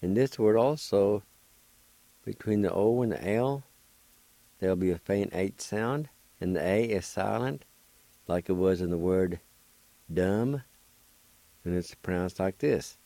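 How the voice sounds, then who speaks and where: A man giving a patient radio pronunciation lesson, spelling words and repeating each syllable slowly. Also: sits low, gravelly, dark tone, no echo. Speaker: radio language teacher. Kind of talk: slow word-by-word pronunciation lesson.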